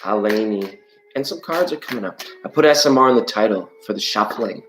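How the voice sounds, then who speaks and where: A man's voice: fairly low pitch, brisk, slight background noise. A man hosting a live tarot stream, chatting playfully with viewers and sometimes singing scales. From Canada. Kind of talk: casual live-stream chat reading viewer comments. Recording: echoey room.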